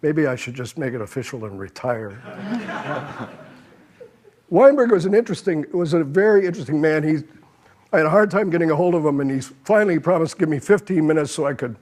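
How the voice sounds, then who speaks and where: A man's voice: fairly high pitch, quick pace, darkish tone. An older man speaking on a policy panel, telling anecdotes and acting out the people he quotes. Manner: anecdotal, quotes others, chuckles at his own stories.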